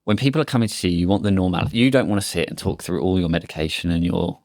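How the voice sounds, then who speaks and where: A man's voice: low-pitched, racing, a little mellow, no room sound, clean studio sound. A man hosting a podcast, talking in a casual, empathetic way and often affirming his guest. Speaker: podcast host. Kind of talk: casual interview chat.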